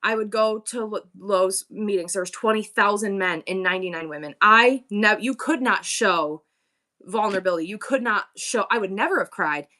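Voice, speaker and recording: A woman's voice: mid-range voice, sharp tone. A woman hosting a casual livestream, talking candidly and bluntly, rambling with many restarts. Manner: blunt and swears freely. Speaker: livestream seller and host.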